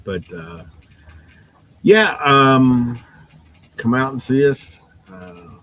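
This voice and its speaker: A man's voice: medium pitch, sing-song, extremely slow, fairly bright tone, no room sound, rough recording. A man who runs a game store, giving a rambling, casual shop update full of fillers and restarts and sounding a bit tired. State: yawning, tired.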